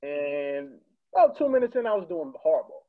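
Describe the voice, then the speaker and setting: A young man from Connecticut tells comedy-club stories in a rapid, animated and profane way, laughing along as he goes. His voice sits a little high for a man. He comes through a narrow, tinny line that sounds like a phone call. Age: young adult. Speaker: stand-up comedian, podcast guest. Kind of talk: casual storytelling.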